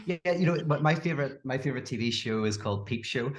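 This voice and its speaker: A man talking in a casual podcast conversation as a philosopher guest, animated, often laughing and restarting his sentences. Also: mid-range voice, brisk, hardly any pauses.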